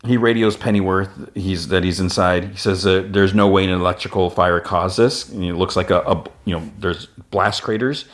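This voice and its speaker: A man hosting a podcast, recapping an animated episode in a chatty, rambling way with lots of fillers and restarts. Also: low voice, normal speed, hardly any pauses. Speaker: podcast host.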